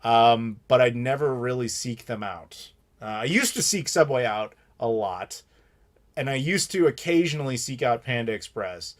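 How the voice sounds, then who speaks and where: A man's voice: mid-range voice, animated, normal speed. Male host, 30s, American. Live Q&A stream, opinionated, ranty, casual swearing. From United States. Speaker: channel host answering live questions.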